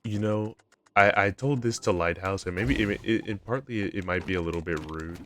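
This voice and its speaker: A man's voice: low-pitched, normal speed, a bit bright, slight background noise. A young man chatting casually on a game stream, rambling with lots of fillers and restarts. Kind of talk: casual live-stream chat while gaming. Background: faint game music.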